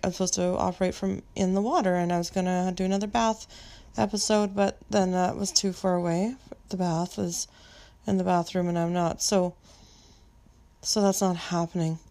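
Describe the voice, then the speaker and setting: A woman hosting her daily podcast from home, chatty and self-deprecating, with a gravelly edge to her voice. She talks casually, then reads a book aloud with small stumbles. She is not using her usual microphone. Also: fairly low pitch, fairly even intonation, normal speed, warm tone. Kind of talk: casual chat and reading aloud.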